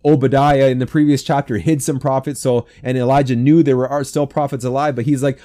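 A man speaks to other men in a devotional talk, his voice dark and mellow. He prays earnestly, repeating phrases as he intercedes. His delivery stays soft and hushed, level in pitch. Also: a little fast, few pauses. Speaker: men's ministry speaker.

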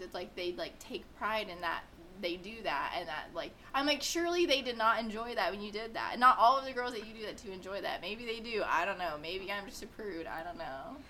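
A woman's voice: mid-range voice, fairly quick, pushed and bright, slight background noise. A young woman in casual podcast chat, blunt and profane, laughing often.

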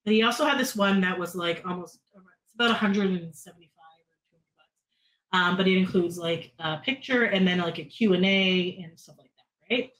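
A woman's voice: fairly quick, a bit bright, poor audio. A woman from Canada, co-hosting a podcast and telling a story in a chatty way, with lots of fillers. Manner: chatty, many fillers, acts out other people's lines in higher voices. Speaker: podcast co-host. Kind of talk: casual chat, telling a story.

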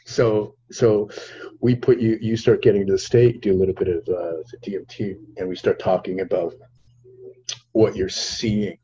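A man hosting a podcast, telling a story with animated energy and acting out the voices in it. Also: lowish voice, moderate pace, highs cut off, slight background noise. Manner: expressive, acts out voices in his anecdotes. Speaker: podcast host.

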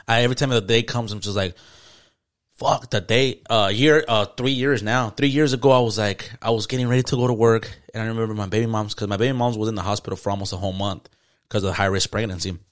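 A man's voice: lowish voice, fairly even intonation, fast. A young man, telling a story in casual podcast chat, slangy and profane, dropping in Spanish words. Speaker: podcast host.

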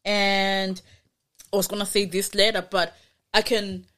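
A woman's voice: medium pitch, flat delivery, a little slow, a bit bright. A woman co-hosting a casual podcast chat, speaking enthusiastically with frequent laughter and hesitant fillers. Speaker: podcast co-host.

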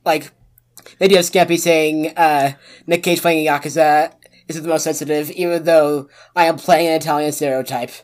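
A woman playing in a tabletop game. Her voice sits very low for a woman. She speaks hesitantly, with frequent "uh" pauses. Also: steady tone, a little mellow. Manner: hesitant, filler-heavy. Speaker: player.

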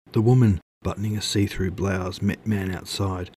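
Deep-voiced narrator. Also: male voice, little pitch movement, moderate pace, hardly any pauses, warm tone, slightly rough. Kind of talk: audiobook narration.

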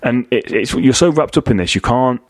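A man's voice: mid-range voice, expressive, no room sound, studio quality. A British man in his thirties talking candidly as a podcast guest, swearing often and calling the host mate. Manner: very fast, swears often, says mate a lot.

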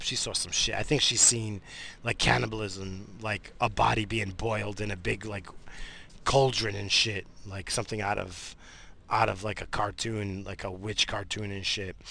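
A man's voice: on the low side, gravelly, pushed and bright, slight background noise. A middle-aged man rambling and grumbling profanely in a casual radio monologue while driving. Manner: profane, grumbling, easily aggravated. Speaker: radio show host.

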